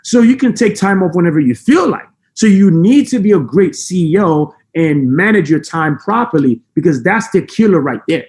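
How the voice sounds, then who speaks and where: High-voiced intense motivational speaker man. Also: expressive, a little mellow. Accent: non-native English. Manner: intense, emphatic, fast-talking. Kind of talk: high-energy motivational talk. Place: room with a camera.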